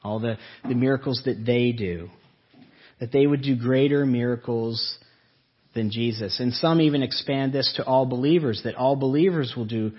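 A man's voice: medium pitch, normal speed, breathy edge, highs cut off. A man preaching a sermon to his congregation, earnest and asking them questions as he goes. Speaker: pastor. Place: church sanctuary.

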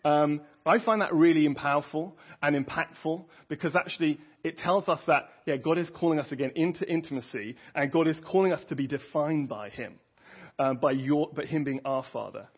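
Brief: male preacher, earnest and conversational, somewhat high, husky voice, dull lo-fi recording. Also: fairly quick. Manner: earnest, conversational, with frequent restarts. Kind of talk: sermon. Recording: dull lo-fi audio.

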